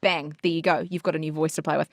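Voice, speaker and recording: A woman's voice: low-pitched, little pitch movement, quick pace, dry recording, studio quality. A woman co-hosting a voice-acting podcast who talks about her practice in a practical, self-critical way. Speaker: podcast co-host, voice actor. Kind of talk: casual chat.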